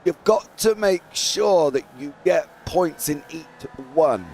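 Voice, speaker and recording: Gravelly British man commentating races. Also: on the high side, lively intonation, slow pace, darkish tone, slight background noise. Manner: chatty, laughs easily, calls out names. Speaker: sim racing commentator. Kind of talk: live race commentary.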